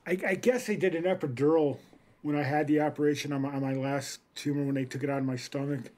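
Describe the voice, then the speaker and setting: Higher-voiced man telling stories casually. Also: quick pace. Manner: animated storytelling, swears freely. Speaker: podcast co-host. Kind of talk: casual chat.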